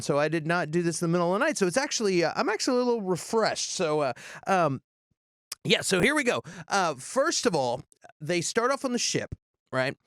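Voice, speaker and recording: A man with a fairly high voice hosts a review show in loose, rambling chat. He recaps scenes and slips into small acted-out quotes as he goes. The sound is close and very dry. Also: clean tone, no room sound. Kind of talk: casual spoken review with recap.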